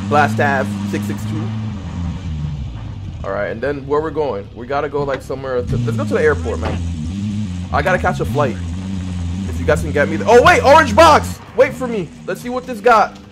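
Man on headset gaming, high lively voice, playful and teasing, faint music behind. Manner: playful, teasing, swings from loud excitement to mumbling. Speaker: gamer streaming with random teammates. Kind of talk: casual game commentary to teammates.

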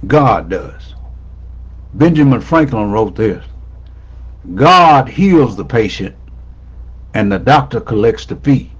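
Husky pastor guy preaching slow in church, voice swoops up and down, kinda muffled lo-fi recording. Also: medium pitch, sing-song. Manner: preaching with rising emphasis, repeating key lines. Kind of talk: sermon. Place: church sanctuary.

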